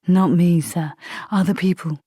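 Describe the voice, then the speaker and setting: A woman voicing a calm, polite male vampire recruit who speaks patiently and matter-of-factly in a storybook reading. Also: on the low side, unhurried, breathy edge, dry recording, studio quality.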